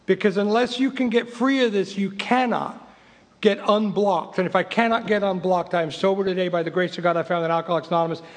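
High-voiced man in an echoing hall. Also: fast. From England. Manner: emphatic and repetitive, wry humor. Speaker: recovery meeting speaker. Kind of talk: personal recovery talk with book reading.

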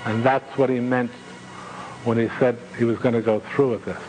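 A man telling a vivid first-person story with dramatic pauses and asides to his listeners. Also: medium pitch, level tone, background noise.

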